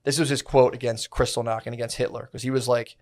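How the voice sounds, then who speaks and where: A man's voice: mid-range voice, flat delivery, fast talker, a little mellow. Young guy on a podcast, loose and slangy, swears a lot, does goofy voices for the people in the story. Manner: slangy, profane storytelling with mocking quoted voices. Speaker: podcast co-host. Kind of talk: casual chat.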